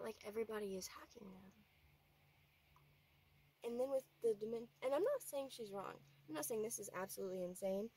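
A woman vlogger talking earnestly through a personal story, rambling and often dropping to a quiet voice. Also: on the high side, breathy edge, rough recording.

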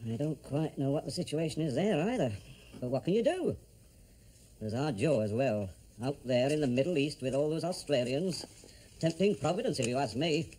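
A man's voice: a little high, expressive, normal speed, mellow, a little hiss or hum, close to an everyday voice. An actor playing a gossipy, grumbling older man in a television drama. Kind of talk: 1970s television drama acting.

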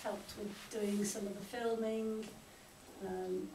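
A woman actress listing her jobs on the film at a Q&A, hesitant with many pauses. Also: mid-range voice, flat delivery, warm tone, a little hiss or hum. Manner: hesitant, lots of ums, giggly. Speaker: actress and crew member. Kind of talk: casual Q&A talk. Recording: echoey room from far off.

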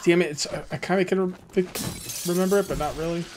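A man chatting rapidly during a multiplayer game, his voice sitting a little high. He's excitable, cheers his teammates on and jokes around, with a faint hiss of noise under the audio. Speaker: gaming channel host. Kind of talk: casual multiplayer gameplay chat.

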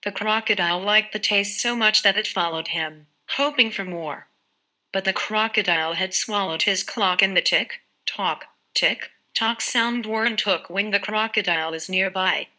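Bright-voiced woman telling a bedtime story. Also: medium pitch, measured pace, poor audio. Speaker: narrator. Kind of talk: scripted children's story narration.

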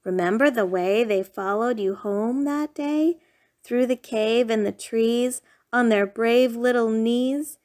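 A woman's voice: fairly high pitch, a little mellow. A woman reading a rhyming picture book aloud in a sing-song, playful bedtime storytelling manner.

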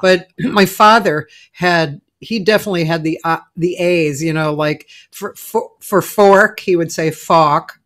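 A woman hosts a relaxed interview over a video call. She chats freely and asks curious questions. She laughs often along the way. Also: lowish voice, a little slow, hardly any pauses. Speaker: host. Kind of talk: casual chat.

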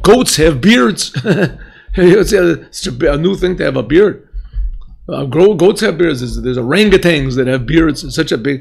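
Gravelly man giving a yeshiva lesson. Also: fairly high pitch. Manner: questioning, mixes Hebrew phrases, clears throat often. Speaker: rabbi teaching Chassidus. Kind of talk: yeshiva class lecture. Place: yeshiva classroom.

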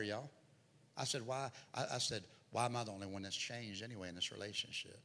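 A man's voice: lowish voice, a little fast, bright, forceful tone. A middle-aged man preaching a testimony in a church, his voice swelling and dropping as he tells the story. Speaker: guest preacher. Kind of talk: sermon testimony. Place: church sanctuary. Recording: hall reverb, faint noise.

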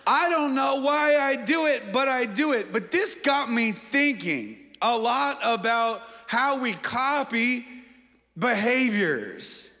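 Bright, high-voiced playful male pastor. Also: animated, takes it slowly. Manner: playful, jokes and quizzes the congregation. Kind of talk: sermon. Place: large church auditorium. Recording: long church-hall reverb.

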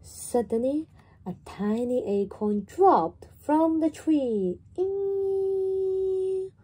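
A woman reading a children's story aloud in a slow, animated, sing-song way. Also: fairly high pitch, breathy edge.

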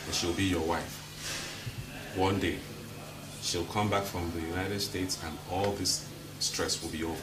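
A frank, brotherly Nigerian pilot. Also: male voice, low-pitched, fairly even intonation, unhurried, long pauses. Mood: earnest. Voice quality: earnest, brotherly persuasion. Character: friendly frank senior pilot. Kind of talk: Nollywood film acting. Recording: roomy distant film audio with noise.

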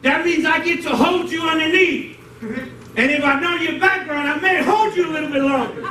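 A man's voice: very high voice, moderate pace, bright, forceful tone. A Puerto Rican-born male pastor with a New York accent, preaching a joking, slangy sermon. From Puerto Rico. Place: church sanctuary. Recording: roomy hall, distant mic, noisy.

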